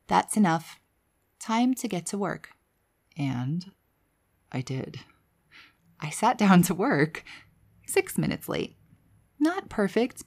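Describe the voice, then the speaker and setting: A woman's voice: medium pitch, vocal fry. A woman telling her personal story on her own podcast in a candid, conversational, reflective way.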